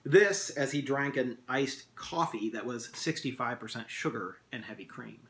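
A male English teacher reads his own novel aloud in a steady storytelling voice. His tone is bright and forward. The recording sounds echoey, as in a hard room. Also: mid-range voice, moderate pace.

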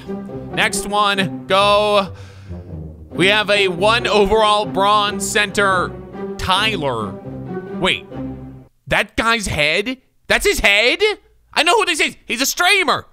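Young man, high voice, video game commentary, sarcastic, loud, animated, music underneath. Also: slow pace, long pauses. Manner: loud, animated and sarcastic, swinging between shouts and mutters. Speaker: gaming YouTuber.

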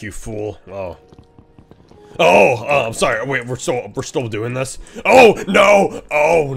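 A man streaming a game, giving casual, excitable commentary, laughing often and teasing other players. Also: mid-range voice, gravelly.

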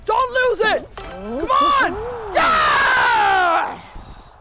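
A woman voicing a hot-tempered cartoon animal who yells and rages at losing, in a fan role-play over gameplay. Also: extremely high pitch, big pitch swings, soft background music, some chatter behind, heavily acted. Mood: frantic. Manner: yelling, quick to rage at losing.

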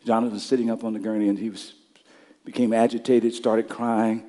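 A male pastor preaching a sermon, telling stories and building up to shouted climaxes. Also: on the low side, little pitch movement, brisk, long reverb tail.

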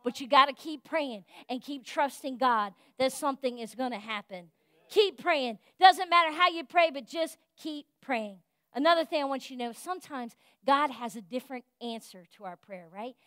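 Fervent high-voiced woman preaching. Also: lively intonation, normal speed, no echo, clean studio sound. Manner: fervent, folksy preaching, swings from loud exhortation to soft confiding. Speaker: pastor. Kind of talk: sermon. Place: church.

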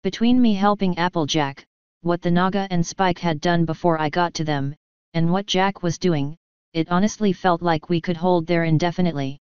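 A woman's voice: fairly low pitch, fairly even intonation, normal speed, a little mellow, clean tone, dry recording. A woman steadily reading a first-person fan story aloud. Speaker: fanfiction reader. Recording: slightly muffled recording.

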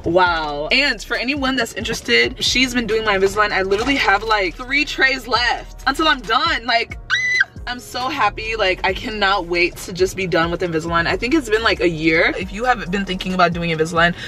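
A young woman talks to camera in a casual vlog, chatty and excitable, with a bright, sharp tone. Faint music plays behind her. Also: mid-range voice, brisk. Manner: chatty and excitable, laughs often. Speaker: vlogger.

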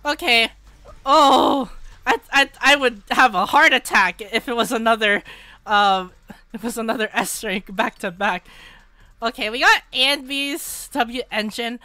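High bright-voiced excitable woman gamer. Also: measured pace, no echo. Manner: excitable, breaks into shrieking repeated exclamations. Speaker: gaming channel host. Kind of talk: casual gacha pull commentary.

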